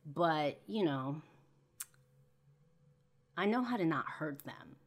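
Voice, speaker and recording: Low-voiced woman telling a rambling story. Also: lively intonation, slow. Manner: rambling, peppered with "you know" and "like". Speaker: podcast host. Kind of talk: personal storytelling podcast.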